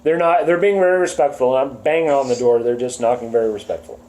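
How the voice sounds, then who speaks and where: A man narrating as game master at a tabletop game, in a casual, halting way with fillers. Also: mid-range voice, a little mellow. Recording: echoey room, faint ambient hum.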